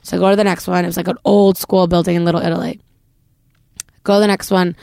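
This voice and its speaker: Young woman podcast co-host, lively storyteller, gravelly fry, dry close sound. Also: fairly low pitch, quick pace, dry recording. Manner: animated, acts out quotes, says "like" often. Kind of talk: casual storytelling chat.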